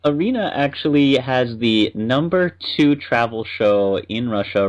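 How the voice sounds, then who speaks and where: A man's voice: medium pitch, highs cut off. A man co-hosting a podcast, chatting and explaining at length. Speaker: podcast co-host. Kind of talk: casual podcast chat.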